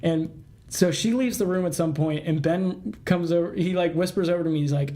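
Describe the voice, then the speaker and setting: A young man co-hosting a podcast, telling stories in a casual, animated way and laughing often. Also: fairly high pitch, fairly quick. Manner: animated storyteller, laughs often, acts out quotes. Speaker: podcast co-host. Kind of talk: casual chat.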